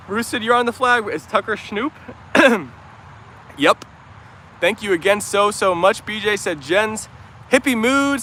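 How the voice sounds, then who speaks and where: A man's voice: high voice, bright, forceful tone, slight background noise. A man hosting a casual outdoor livestream, chatty and upbeat, greeting viewers by name and reading their messages aloud. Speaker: livestream host. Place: outdoors in a yard with dogs and chickens.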